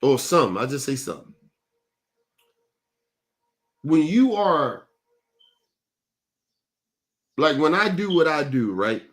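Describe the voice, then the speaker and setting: Guy ranting on his stream, blunt and cussing, voice jumps all over, kinda high. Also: normal speed. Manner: blunt, profane, animated, keeps asking "right?". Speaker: show host. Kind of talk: casual commentary.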